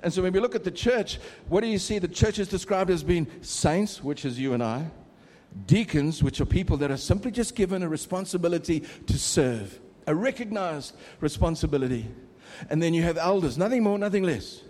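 A middle-aged man preaching a sermon with a mellow, rather high voice. He keeps it conversational and teases the congregation now and then. His voice rings out through a large, reverberant hall. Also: expressive, a little fast.

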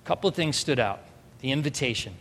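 A pastor in his thirties preaching an earnest, emphatic sermon, moving between soft storytelling and raised exhortation. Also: medium pitch, expressive, fast talker, slight background noise. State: emotional, near tears. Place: church hall. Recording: reverberant hall.

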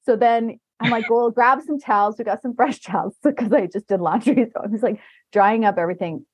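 A woman podcast host with a fairly high, breathy-edged voice tells rambling anecdotes at a brisk clip, often laughing mid-sentence. The casual chat is captured in a dull, dry, lo-fi recording with no echo.

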